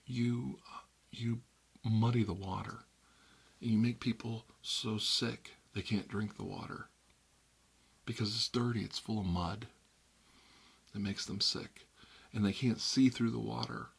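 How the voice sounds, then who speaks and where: A deep-voiced man with a husky, breathy tone talks through a soft-spoken ASMR rant. He is wry and conversational and slips between near-whispers and emphatic stresses. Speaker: ASMR channel host.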